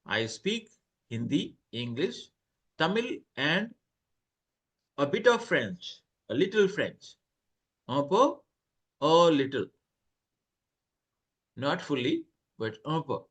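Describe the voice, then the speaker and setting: A man's voice: fairly high pitch, sing-song, slow, fairly bright tone, husky. A man teaching French online, reading short dialogues aloud and translating each phrase into English.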